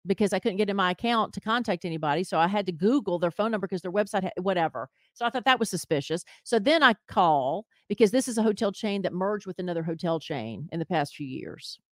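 She talks fast with few pauses, a medium-pitched podcast co-host telling a story in casual chat and animatedly acting out the quoted voices. The recording is dry and cleanly studio-made.

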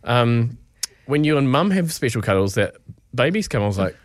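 Animated man telling a story. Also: mid-range voice, normal speed, no echo, studio quality. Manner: animated, acts out voices in his anecdotes. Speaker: podcast co-host. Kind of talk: casual storytelling chat.

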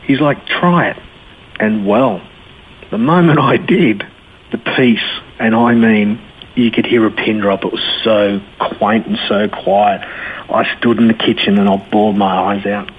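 A middle-aged man telling his life story to an interviewer, blunt and animated, acting out the people he quotes. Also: on the low side, unhurried, a little hiss or hum. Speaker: guest. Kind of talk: personal testimony in an interview. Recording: tinny phone-line sound.

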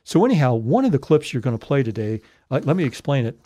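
A man's voice: medium pitch, very animated, fast talker, mellow, no room sound. A man recounting a paranormal investigation in a casual, rambling way, full of fillers and restarts. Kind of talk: casual storytelling.

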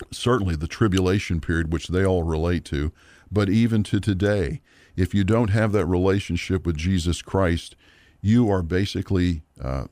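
A middle-aged man teaching a Bible lesson from a worksheet, earnest and measured, often pausing on fillers and restarts. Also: sits low, mellow, dry recording. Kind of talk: teaching sermon.

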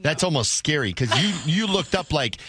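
Bright-voiced male radio co-host. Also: a little high, moderate pace. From United States. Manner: self-deprecating, storytelling, animated. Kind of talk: casual sports radio banter.

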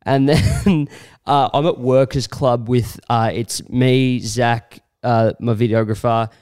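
Male comedian co-host, medium pitch, self-mocking storyteller, dry booth sound. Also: steady tone, takes it slowly, darkish tone, clear, resonant tone, dry recording. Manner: storytelling, laughing at himself. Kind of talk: casual podcast chat.

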